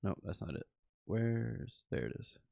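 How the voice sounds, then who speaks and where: A man's voice: lowish voice, big pitch swings, measured pace, vocal fry, dark tone, no room sound. A man streaming a crypto trading session, chatting casually and rambling to his viewers with frequent laughs. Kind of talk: casual livestream chat.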